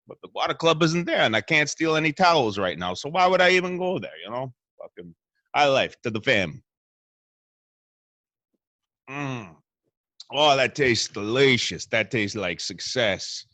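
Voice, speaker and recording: A man's voice: medium pitch, sing-song, measured pace, long pauses, pushed and bright, dry recording. A man guest-hosting a show with a crude, rambling and boastful comic monologue from a hotel room. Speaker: stand-in host.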